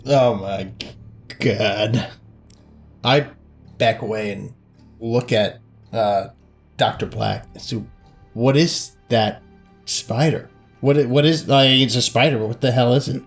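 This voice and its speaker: A man's voice: mid-range voice, slow, vocal fry, long pauses, faint music behind. A man playing a ship captain in a tabletop game, casual and hesitant with fillers. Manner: casual, hesitant, playful in character. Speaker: player. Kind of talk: casual tabletop role-play.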